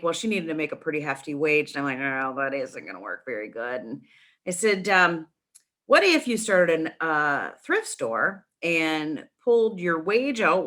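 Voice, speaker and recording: A middle-aged woman tells a long story in a casual interview, full of restarts and quoted back-and-forth. Her voice is bright and forward, set slightly low for a woman. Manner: chatty, animated storytelling with many restarts. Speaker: guest, nonprofit founder.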